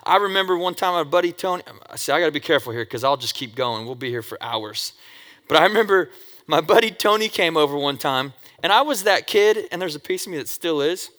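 Bright-voiced man telling lively stories. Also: a little high, fairly quick. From Oregon. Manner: lively, with sound effects and acted quotes. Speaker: speaker telling childhood stories. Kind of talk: animated personal storytelling. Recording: long echoey hall reverb.

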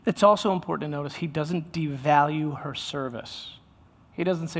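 A man's voice: fairly high pitch, normal speed, in a large hall. A man preaching a sermon in a loose, conversational way, often restarting his sentences. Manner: conversational, self-interrupting, with many restarts. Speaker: pastor.

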